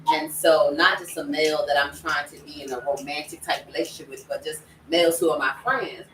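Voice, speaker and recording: A woman's voice: sits low, steady tone, a little fast, a bit bright. Woman, thoughtful group talk, distant mic, echoey room. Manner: thoughtful, acts out inner dialogue. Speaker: panel guest. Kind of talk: casual group discussion. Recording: roomy, distant mic with faint noise.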